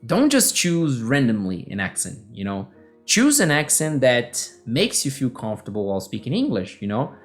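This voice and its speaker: A man's voice: medium pitch, wildly swooping pitch, normal speed, soft background music. Man teaching English casually. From Brazil. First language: Portuguese. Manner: conversational, checks in with frequent tag questions. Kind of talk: solo podcast lesson.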